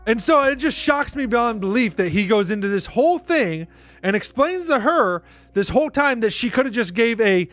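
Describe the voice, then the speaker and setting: High-voiced man hosting a rambling podcast. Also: expressive, moderate pace, fairly bright tone, no echo, soft background music. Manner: rambling, exasperated, heavy use of "like". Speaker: podcast host. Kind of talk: casual reaction commentary.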